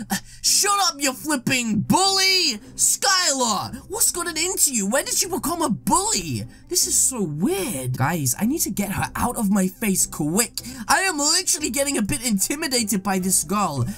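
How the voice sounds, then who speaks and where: A woman hosting an excited gameplay commentary video, dramatic and excitable, reacting with exaggerated shock. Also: sits high, normal speed, few pauses, soft background music. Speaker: gaming video host.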